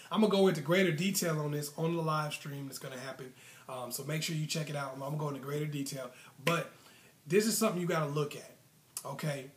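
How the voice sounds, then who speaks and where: A man's voice: on the high side, roomy sound. A man hosting a relationship advice video, talking casually and retelling clients' stories with lots of fillers.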